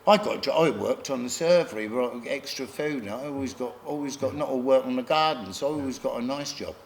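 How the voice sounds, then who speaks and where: A middle-aged man, telling rough stories from his life as an interview guest, often laughing and acting out other people. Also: mid-range voice, a little fast, a little hiss or hum. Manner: gravelly, laughing anecdotes, acts out other voices. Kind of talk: casual storytelling.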